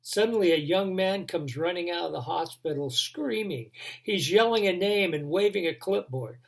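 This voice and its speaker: A man telling a dramatic devotional story, building tension and then dropping to a hush. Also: high voice, normal speed, gravelly. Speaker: devotion speaker.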